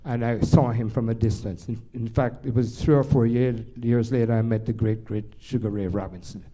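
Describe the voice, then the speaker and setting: A man's voice: mid-range voice, normal speed. Older Jamaican man telling stories. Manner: rambling, animated anecdotes with many restarts. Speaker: jazz pianist and storyteller. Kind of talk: stage storytelling to a live audience.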